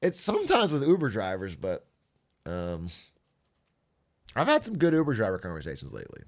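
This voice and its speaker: A man's voice: fairly low pitch, huge pitch swings, moderate pace. A young man chatting casually on his stream, sarcastic and laughing often.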